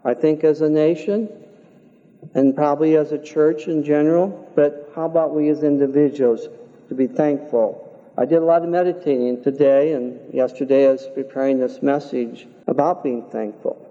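An older man preaching a sermon in a church, talking in an earnest, measured way and telling folksy stories. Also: on the high side, dark tone. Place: church sanctuary. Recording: dull, reverberant church hall.

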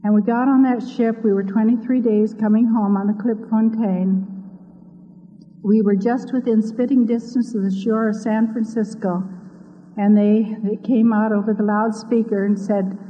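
A woman's voice: fairly high pitch, fairly even intonation, moderate pace, mellow. A woman from Iowa gives an earnest, devout personal testimony, telling her story. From Iowa, USA. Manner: earnest, devout, speaks openly of her faith. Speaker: speaker giving a personal testimony. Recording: tinny lo-fi audio with long hall reverb.

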